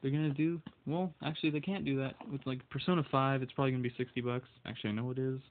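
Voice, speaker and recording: A man's voice: mid-range voice, fairly even intonation, rapid-fire, narrow, tinny audio, slight background noise. A man ranting angrily about video game prices, swearing constantly and stumbling over his words, his voice shaking with anger. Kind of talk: angry solo rant.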